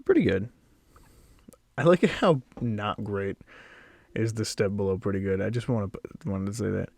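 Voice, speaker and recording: A man's voice: fairly low pitch, lively intonation, normal speed, vocal fry, darkish tone, no room sound, clean studio sound. A young man chatting casually as he ranks snacks, a little out of breath, rambling with small laughs. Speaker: video creator ranking snacks. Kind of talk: casual tier-list commentary. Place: at home, sitting.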